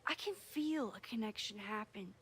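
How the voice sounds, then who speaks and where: An actress voicing a gentle young woman photographer who teaches a class, in video game dialogue. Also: mid-range voice, animated, moderate pace, breathy edge. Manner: soft-spoken, thoughtful.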